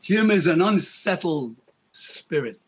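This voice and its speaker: A man's voice: a little high, expressive, slow, husky. A man being interviewed as a guest, telling a dramatic, rambling story.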